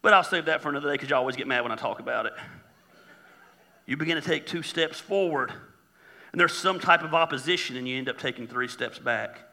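A pastor preaching a sermon in a church, talking conversationally and joking with mocking asides. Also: male voice, on the high side, quick pace, creaky, bright, forceful tone. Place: church auditorium. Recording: long hall reverb.

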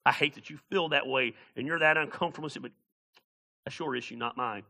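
A man preaching a sermon as pastor, animated, with shouted bursts and jokes. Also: medium pitch, brisk, gravelly.

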